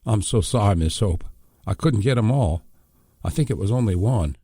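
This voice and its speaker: A man's voice: lowish voice, expressive, moderate pace, dark tone, husky, no echo, clean studio sound, pitched above the performer's own voice. A man voicing a wounded father, desperate and tearful.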